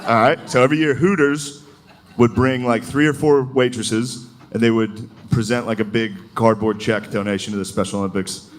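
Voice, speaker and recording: A man's voice: medium pitch, steady tone, normal speed. A man doing a stand-up comedy set, telling stories in a crude, profane and laughing way. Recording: noisy live recording.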